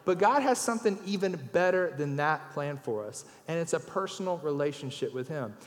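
A man's voice: on the high side, expressive, brisk. A man, preaching a folksy sermon as a guest speaker and telling jokes. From Louisiana. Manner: folksy storyteller, raises his voice for punchlines. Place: church sanctuary. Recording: long church hall reverb.

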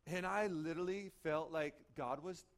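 High-voiced animated male pastor. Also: moderate pace. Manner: animated storyteller, frequent "okay?" and "right?" asides. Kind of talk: conversational sermon with acted-out stories.

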